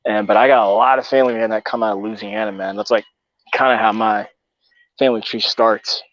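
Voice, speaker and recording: A man's voice: lowish voice, steady tone, fairly quick, dull audio. Rambling, swearing man in casual chat. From Texas. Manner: loose and rambling, swearing, many fillers.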